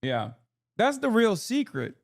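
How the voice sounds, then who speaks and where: A man's voice: sits high, wildly swooping pitch, a little slow, creaky, no echo, clean studio sound. A man streaming, reacting to news clips in casual chat, swearing a lot and firing off heated rhetorical questions. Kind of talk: casual profane reaction commentary.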